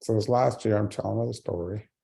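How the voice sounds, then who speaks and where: A man's voice: lowish voice, brisk, vocal fry, warm tone, breathy edge. A man in his forties giving a speech, telling a personal story with earnest humor. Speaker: keynote speaker.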